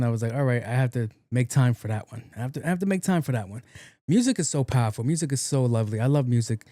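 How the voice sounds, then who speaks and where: Sung snippets pop up as a man hosts his own podcast solo from a home room with open windows, talking in a loose, rambling way full of slang and profanity. He has a warm, mid-range voice, and the sound is clean, studio-like, with no room sound.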